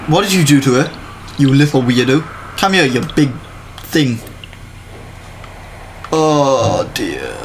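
A man commentating a let's play of a horror game, jumpy and excitable, swearing and yelping at scares. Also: a little high, a little hiss or hum. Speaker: gaming YouTuber.

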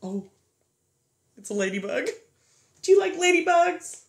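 A woman's voice: very high-pitched, very animated, a little slow, vocal fry, echoey room. A woman teaching a preschool phonics lesson in a sing-song, encouraging way, drawing out letter sounds.

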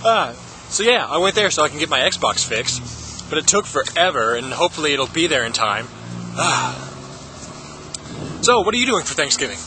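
Young guy, high animated voice, hyper goofball vlogger riffing on silly tangents. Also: fairly quick, slight background noise. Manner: giggles often. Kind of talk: comedic impression vlog.

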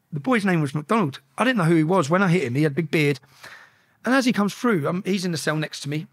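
Man telling a story as a podcast guest; quick, high, profane, restarts often. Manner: swearing, restarts, acts out quoted exchanges. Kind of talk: animated storytelling.

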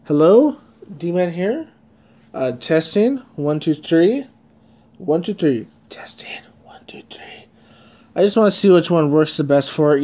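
A man's voice: fairly high pitch, darkish tone. Rambling young man with a cheap mic. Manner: rambling and self-conscious, with frequent fillers and small laughs. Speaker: vlogger. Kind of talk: casual vlog, testing a microphone. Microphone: cheap karaoke microphone plugged into a cell phone.

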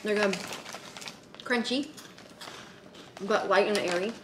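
A woman's voice: mid-range voice, slow. A woman hosting a casual snack taste-test video, chatting and reading labels aloud with easy laughs. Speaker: vlog host. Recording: echoey room with background noise.

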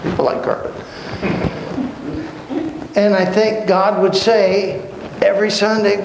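A man teaching a Bible study, telling the stories with lively acted-out dialogue. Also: sits high, moderate pace, vocal fry. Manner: animated storytelling, acting out dialogue in voices. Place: church hall. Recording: echoey room with background noise.

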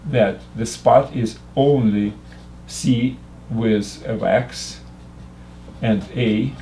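An older man teaching math, working slowly through a logic puzzle aloud with frequent restarts. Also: mid-range voice, warm tone, slight background noise. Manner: halting, restarts and fillers while reasoning aloud. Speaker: math lecturer.

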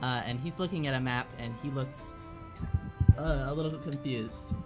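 A young man running a tabletop game as dungeon master, narrating haltingly with many pauses and ums. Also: medium pitch, music in the background.

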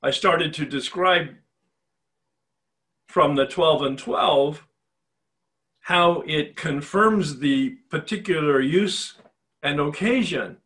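An older man with a high-sitting, sharp voice speaks slowly, leaving long pauses. Facilitating a spiritual recovery retreat, he shares his own story in a personal, confessional way and poses emphatic rhetorical questions.

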